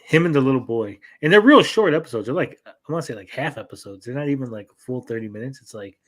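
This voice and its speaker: Male co-host and parent, casual and profane, animated storyteller, mid-range voice. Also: medium pitch, fast. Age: adult parent. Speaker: podcast co-host. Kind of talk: casual chat.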